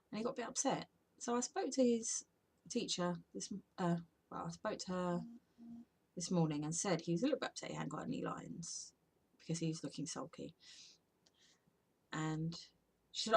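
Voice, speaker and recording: A woman's voice: on the low side, animated, normal speed, slightly rough. A tired woman, chatting casually to camera in an unscripted home vlog, rambling and sometimes dropping to a whisper. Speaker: vlogger and podcaster.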